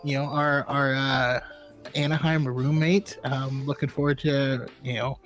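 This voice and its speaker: A man's voice: mid-range voice, a little slow, soft background music. A man co-hosting a casual podcast stream, laughing often as he talks. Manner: giggly, animated, laughs often. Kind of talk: casual livestream chat.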